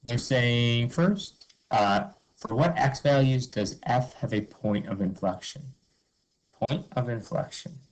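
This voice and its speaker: In a math review lesson, a man stays upbeat and informal, working step by step, answering his own questions and repeating "okay" and "cool." His medium-pitched voice is slow, and the audio is poor.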